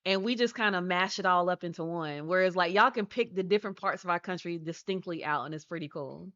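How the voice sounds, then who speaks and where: A woman with a fairly low voice rambles through a casual live-stream chat. She answers her viewers as she goes and laughs often, and the stream audio sounds dull and lo-fi. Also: brisk, a bit bright. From United States.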